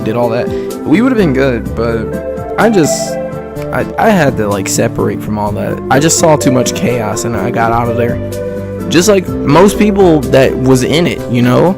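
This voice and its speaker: A man's voice: medium pitch, creaky. A young man streaming live, chatting in a laid-back, rambling, slangy way and laughing often, with music playing behind him. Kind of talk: casual livestream reaction chat.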